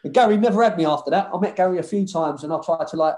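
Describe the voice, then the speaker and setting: A man's voice: fairly high pitch, rapid-fire, hardly any pauses, a little hiss or hum. A man, a former footballer, telling stories in a loose, swearing, banter-filled chat as a guest. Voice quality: swears freely, lively banter. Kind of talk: casual storytelling chat.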